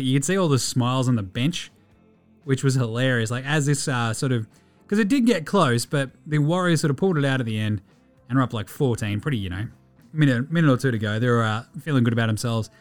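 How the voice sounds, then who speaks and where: A man's voice: mid-range voice, a little fast, soft background music. An Australian man hosting a podcast, giving a casual, chatty rundown of basketball games, swearing freely as he goes. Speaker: podcast host.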